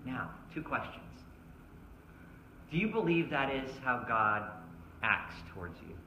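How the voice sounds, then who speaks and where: A man's voice: mid-range voice, animated, measured pace, long pauses, pushed and bright, a little hiss or hum. A man preaching a sermon at a church service, emphatic and asking his listeners one rhetorical question after another. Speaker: pastor. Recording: roomy echo.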